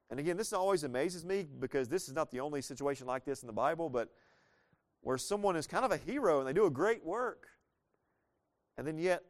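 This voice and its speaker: A medium-pitched man delivers a sermon, talking through a Bible story casually with playful asides and reading the scripture slowly.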